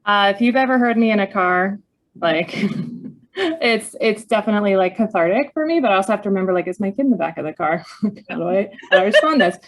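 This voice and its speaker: A woman's voice: mid-range voice, lively intonation, fast talker. A woman from Pittsburgh hosting a talk show, chatting casually and laughing easily. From Pittsburgh, USA. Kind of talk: casual chat interview.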